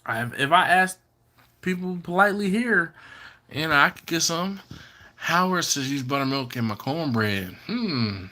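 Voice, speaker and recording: A man's voice: a little high, lively intonation, measured pace, sharp tone. A man hosting a live barbecue stream, chatting casually and reading out viewer comments with playful teasing. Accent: Maryland. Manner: chatty, reads out viewer comments and teases them. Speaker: BBQ channel host. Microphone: computer or phone setup.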